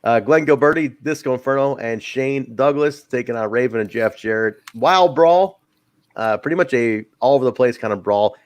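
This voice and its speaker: A man hosting a wrestling review podcast in casual chat, animated and swearing freely. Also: mid-range voice, normal speed, dry recording. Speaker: podcast host.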